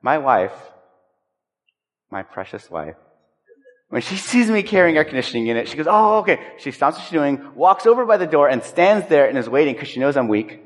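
A man's voice: fairly high pitch, big pitch swings, a little fast. A man preaching a sermon as a pastor, talking conversationally and acting out everyday stories. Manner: conversational, acts out anecdotes. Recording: echoey hall.

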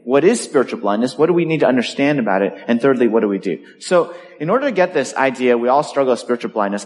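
Animated preaching man in a reverberant hall. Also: mid-range voice. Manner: animated, emphatic preaching with slowed stresses. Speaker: pastor. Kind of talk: sermon.

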